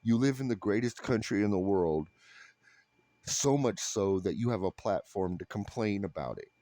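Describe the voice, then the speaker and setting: A man delivering a blunt, sarcastic, profane rant to camera in a flat, unhappy-sounding voice. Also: lowish voice, moderate pace, dry recording. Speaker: vlogger. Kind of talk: ranting monologue to camera.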